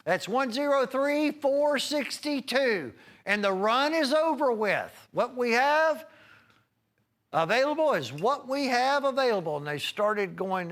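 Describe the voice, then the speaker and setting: On a live home shopping broadcast, a man hosts a televised sales pitch, chatting in a folksy, rambling way as he reels off prices and item numbers. His voice sits high with a fairly bright tone.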